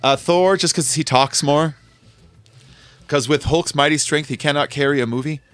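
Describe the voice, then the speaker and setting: A man's voice: fairly high pitch, moderate pace, a bit bright, no echo. A man hosting a game stream, chatting casually and joking, rambling and swearing freely. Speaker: streamer and host.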